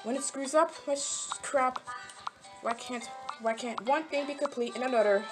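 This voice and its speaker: A young woman chats loosely over her phone games in a slightly high voice. She rambles, talks straight to the characters and grumbles when things go wrong. Faint game music plays behind her. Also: normal speed. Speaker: mobile game channel host. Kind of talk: casual gameplay commentary.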